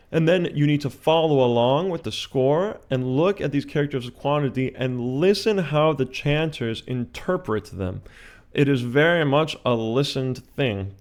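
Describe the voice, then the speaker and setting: A man teaching a video chant lesson, explaining patiently and often checking in with "all right?". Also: mid-range voice.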